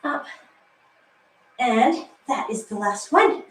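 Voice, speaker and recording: A woman's voice: a little high, animated, takes it slowly, fairly bright tone, roomy sound, distant mic, poor audio. A woman fitness instructor leading a home workout, out of breath, cheerful and chatty, counting reps and laughing at herself.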